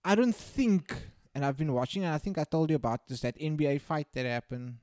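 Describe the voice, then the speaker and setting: A young man in casual podcast chat, profane and animated, breaking into sudden loud rants. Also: a little high, a little fast, no room sound, clean studio sound. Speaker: podcast co-host.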